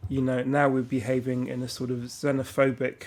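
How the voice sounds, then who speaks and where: A man co-hosting a podcast who argues his point in a measured, level way during a casual debate. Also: medium pitch, monotone. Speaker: podcast co-host.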